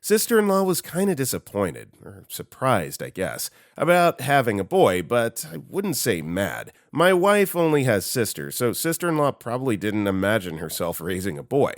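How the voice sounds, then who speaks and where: A man reading online stories aloud, with an animated, sarcastic storytelling manner into a close microphone. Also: medium pitch, moderate pace, few pauses, no echo. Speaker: story narrator.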